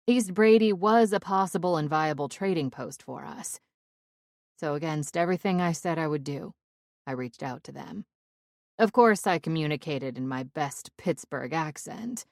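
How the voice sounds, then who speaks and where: A woman with a low voice narrates a first-person audiobook, measured and conversational. The recording is dry and close, with no room sound at all. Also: no echo.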